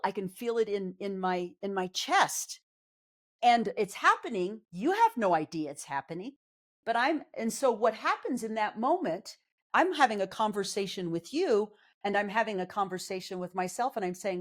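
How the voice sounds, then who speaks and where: A woman's voice: mid-range voice, lively intonation, normal speed. A woman psychologist and life coach speaking in a conversational interview, earnest and candid, with a reassuring way of explaining things. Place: on camera.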